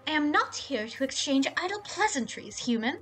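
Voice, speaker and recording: A haughty young man, a magical apprentice from a game, speaks in a stiff, aloof and imperious way, as a woman puts on his voice. The voice sits a little high for a man, with faint music in the background. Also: big pitch swings, moderate pace, fairly bright tone. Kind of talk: voicing game dialogue.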